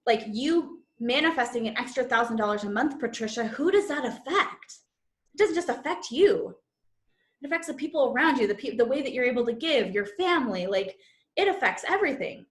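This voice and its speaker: A manifestation and human design coach teaches a live online masterclass over a video call. Her voice is fairly high, animated, and fairly quick, and she's bubbly and chatty, acting out the inner voices people use with themselves. The recording has a roomy echo.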